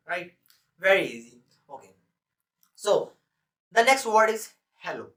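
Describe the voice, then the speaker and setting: A man teaching a beginner language lesson online, speaking haltingly with many pauses and frequent "right?" check-ins. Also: high-pitched, big pitch swings, a bit bright, distant mic, rough recording.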